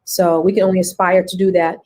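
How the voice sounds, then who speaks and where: A woman's voice: on the low side, little pitch movement, fast, mellow. A woman co-hosting a live talk show, chatting casually, affirming her partner and repeating phrases for emphasis. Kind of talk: casual chat.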